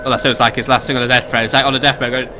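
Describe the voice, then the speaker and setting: A man's voice: medium pitch, little pitch movement, racing, music in the background. A man giving casual, sardonic gameplay commentary as a let's play host, swearing freely and thinking aloud.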